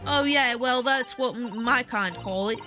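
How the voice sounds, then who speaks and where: A woman voicing a scrappy young street urchin girl in a put-on Cockney accent that slips toward Southern US, talking in cheeky, slangy, rough-grammar speech. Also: fairly high pitch, a little slow, pushed and bright, soft background music. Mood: defensive. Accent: put-on Cockney, drifting toward Southern US. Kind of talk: reading game dialogue aloud.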